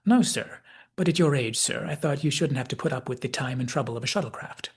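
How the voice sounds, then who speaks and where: A man's voice: medium pitch, expressive, fast, slightly rough. A man voicing Data, a polite, literal-minded male android officer who speaks formally and precisely.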